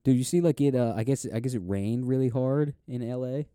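Young dude joking around crudely, dark mellow voice, dry. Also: male voice, fairly quick, smooth, no echo. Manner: crude, joking, does shrill mock voices. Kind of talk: casual chat.

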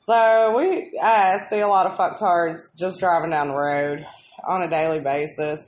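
A woman's voice: fairly low pitch, steady tone, a little slow. A woman, telling stories in a casual chat, swearing constantly and ranting in exasperation. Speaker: co-host of a live video chat. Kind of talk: casual profane storytelling. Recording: roomy echo.

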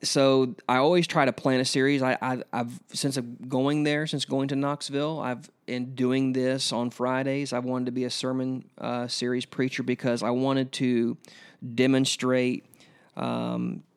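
A man who preaches at a school chapel, telling an interviewer about his sermon series in an earnest way that turns emotional and animated. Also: medium pitch, unhurried, smooth. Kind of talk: casual interview storytelling.

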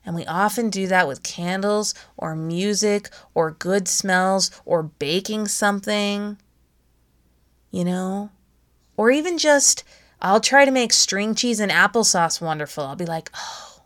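A woman's voice: medium pitch, unhurried, fairly bright tone. A woman in her thirties hosting a podcast, chatting casually with frequent laughs and playful asides. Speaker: podcast host.

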